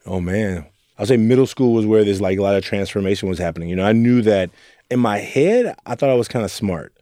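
Low, mellow-voiced man telling his story. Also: fairly quick, no room sound, studio quality. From Oakland, California. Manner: earnest, reflective storytelling with quoted asides. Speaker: youth mentor, guest. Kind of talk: candid interview talk.

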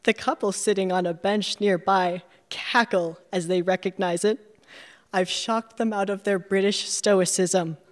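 A woman with an American Midwestern accent reading her personal essay aloud in a measured, reflective way. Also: mid-range voice, steady tone, big-room sound. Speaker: memoir narrator.

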